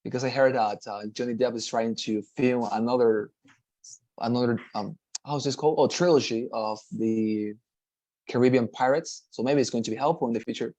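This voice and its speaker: A man leads an online English lesson, patiently repeating each word and checking understanding. His voice sits at a mid pitch, and the recording is dry and close. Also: steady tone, a little mellow, no room sound, rough recording. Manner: patient, repetitive, models pronunciations slowly, frequent "right?" checks. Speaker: English teacher.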